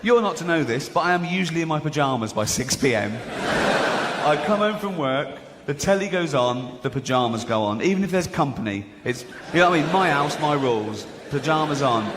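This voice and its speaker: A man's voice: a little high, lively intonation, moderate pace, long reverb tail, heavy background noise. A man doing a stand-up comedy routine, chatty, full of rambling asides and "you know what I mean".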